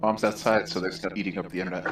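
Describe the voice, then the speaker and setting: A man's voice: low-pitched, flat delivery, rapid-fire, soft background music. An American man joining a racing stream over voice chat, joking around and laughing often. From United States. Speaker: guest in voice chat. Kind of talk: casual voice-chat banter. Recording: distant, roomy voice-chat audio.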